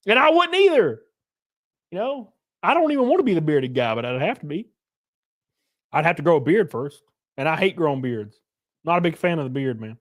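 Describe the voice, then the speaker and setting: A man in his thirties hosts a casual live stream, trading jokes and jabs with his chat. His voice sits a little high for a man, and his delivery is brash and offhand. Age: 30s. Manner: brash, joking, talks back to chat. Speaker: livestream host.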